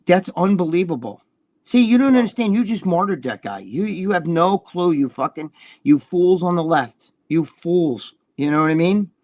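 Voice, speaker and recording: A man's voice: sits high, animated, normal speed, darkish tone, dry recording, clean studio sound. A man co-hosting a casual chat show, talking in a heated, profane, rambling way. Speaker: co-host.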